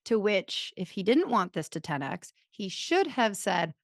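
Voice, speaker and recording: A woman's voice: medium pitch, big pitch swings, a little slow, few pauses, dry recording, clean studio sound. A woman in her thirties hosting a podcast, telling stories in a rambling, self-deprecating casual chat. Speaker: podcast host.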